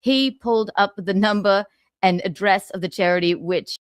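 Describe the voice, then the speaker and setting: A woman reading online posts aloud in a flat, matter-of-fact way. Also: mid-range voice, normal speed, clear, resonant tone, no room sound, clean studio sound.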